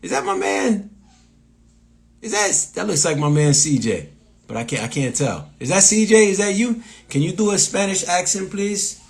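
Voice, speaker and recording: A man's voice: high-pitched, lively intonation, moderate pace, creaky. A man from Massachusetts with a local accent, a comedian hosting a casual live stream, rambling with lots of fillers and restarts as he reads viewer comments aloud.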